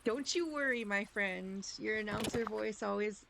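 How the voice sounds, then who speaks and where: A woman streamer chats loosely with her viewers while she plays, rambling and laughing at herself. Her voice sits at a middle pitch with a gravelly fry running through it, and a faint hiss lies underneath. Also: normal speed. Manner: giggly, rambling, self-deprecating. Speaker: game streamer. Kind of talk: casual live-stream chat.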